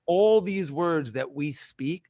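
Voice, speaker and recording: A man's voice: a little high, expressive, mellow, no room sound, clean studio sound. Emphatic middle-aged man telling stories. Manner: emphatic, punchy delivery with quick restarts. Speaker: podcast guest. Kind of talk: animated storytelling in conversation. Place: remote call.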